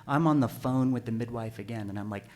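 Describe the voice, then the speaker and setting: A man telling a personal story live on stage at a story slam, animated and self-deprecating, now and then bursting into panicked yelps. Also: medium pitch, fast. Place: stage at an arts center.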